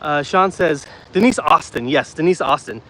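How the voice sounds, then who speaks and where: Phone in hand as he walks a city park, a man in his thirties hosts a casual livestream, talking with viewers and reading out their comments. He speaks at a moderate pace in a slightly high, fairly bright voice, on a rough recording.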